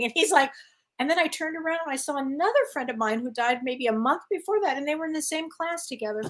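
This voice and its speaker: A woman with a somewhat high voice tells her stories eagerly in a relaxed spiritual chat. She keeps agreeing quickly while her co-host talks. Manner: eager storyteller, quick affirming replies.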